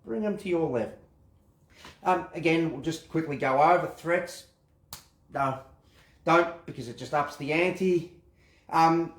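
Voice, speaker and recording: A man's voice: a little high, reverberant. A man, giving a casual instructional talk on handling conflict, rambling and repeating words as he acts out exchanges. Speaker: self-defense instructor.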